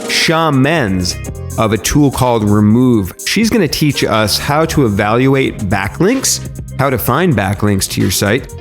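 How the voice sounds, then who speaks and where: A man's voice: medium pitch, expressive, unhurried, faint music behind. A man hosting a podcast, introducing the episode in a chatty, loose way with some fillers. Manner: chatty, self-correcting, with filler ums. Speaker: podcast host.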